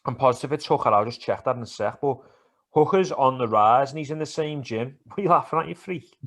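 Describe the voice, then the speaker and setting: A man's voice: medium pitch, quick pace, fairly bright tone. Sweary, teasing man on a podcast. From England. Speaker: podcast co-host. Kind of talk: casual banter about football and MMA.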